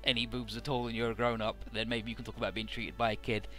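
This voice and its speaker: A man voicing a crude, drunken adult soldier in a game recap, speaking loud and boozy. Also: medium pitch, little pitch movement, fast talker, soft background music, natural voice.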